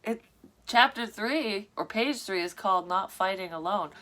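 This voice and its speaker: A woman's voice: medium pitch, lively intonation, moderate pace, sharp tone, slight background noise. A woman who works as a psychic medium reads a story aloud and breaks off often for frank, rambling asides full of swearing. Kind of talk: reading a story aloud with casual commentary.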